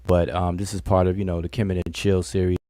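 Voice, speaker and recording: A man's voice: deep voice, flat delivery, fast, warm tone, dry recording, studio quality. A man hosting a casual live stream, talking in a rambling, conversational way. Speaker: livestream host.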